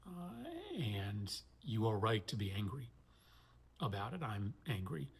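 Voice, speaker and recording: Husky-voiced senator speaking earnestly. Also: male voice, on the low side, big pitch swings, unhurried. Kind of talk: political speech in clips.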